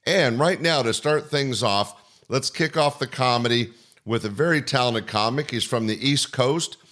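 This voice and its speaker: A man hosting a comedy podcast, reading his lineup in a friendly, even voice at a middle pitch. He sounds plain and unhurried, like an announcer reading from a script. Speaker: podcast host. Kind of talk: scripted show introduction.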